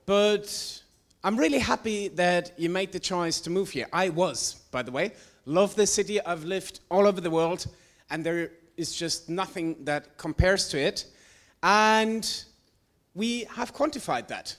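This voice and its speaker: A man's voice: high voice, lively intonation, unhurried, a bit bright. A man hosting a demo day, making casual jokes and introducing the next presenter. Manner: casual, jokey, builds up the next speaker. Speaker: event host.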